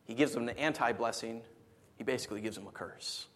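A man preaching a sermon as a pastor. He speaks in an animated, conversational way and often repeats words as he restarts his sentences. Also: medium pitch, a little fast.

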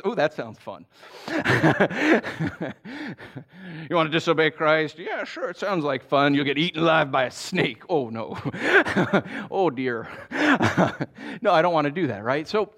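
A man preaching with a lively voice that climbs and drops all over the place. His pitch sits a little high for a man, and he keeps things conversational with quick, offhand asides. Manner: conversational, animated, with asides and laughs. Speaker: pastor. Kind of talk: sermon.

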